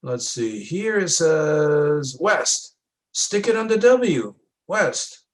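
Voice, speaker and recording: A man with a slightly higher-than-usual voice walks a class through a lab in a relaxed, conversational way. He checks in with his students often, breaking each step into small pieces. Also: drawn-out words, poor audio. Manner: casual, talks students through diagrams with frequent checks. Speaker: teacher.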